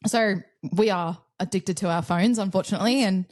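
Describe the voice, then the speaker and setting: A woman's voice: mid-range voice, a little fast, a little mellow. A woman in her twenties with an Australian accent, co-hosting a podcast in casual chat, blunt and sweary, laughing often. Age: 20s. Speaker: podcast co-host.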